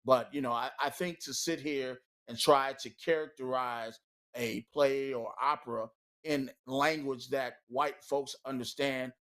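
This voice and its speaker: A man's voice: mid-range voice, steady tone, unhurried, a bit bright. A man on a talk-show panel, speaking with anger and emphasis and leaning on many "you know" fillers. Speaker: co-host. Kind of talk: heated panel discussion.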